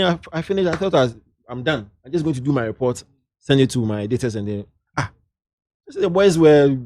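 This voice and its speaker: A middle-aged man with a Ghanaian accent, slightly high in pitch, recounts lively stories as an entertainment journalist in a laid-back interview, mixing in local slang. The sound is studio quality with no echo.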